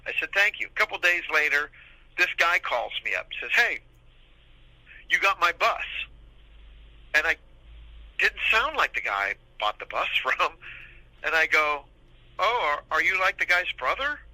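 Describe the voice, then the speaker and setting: Bright-voiced man in his sixties, animated storyteller. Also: on the high side, unhurried, long pauses, dry recording, rough recording. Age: 60s. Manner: rambling, animated, acts out quoted dialogue. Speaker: podcast guest. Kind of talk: casual anecdotal storytelling.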